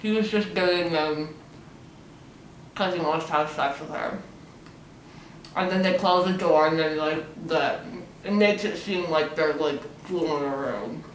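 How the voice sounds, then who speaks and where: A young woman talks through a mouthful of marshmallows as she recaps an episode. She rambles bluntly and swears freely at a slow, drawn-out pace. Her voice is picked up from a distance in an echoey room. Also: low voice, slight background noise. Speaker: host.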